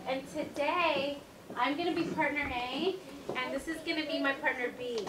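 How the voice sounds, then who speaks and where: A woman teaching first graders, giving slow, clear instructions to the class. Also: sits high. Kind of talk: classroom lesson. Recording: echoey classroom, distant mic, noisy.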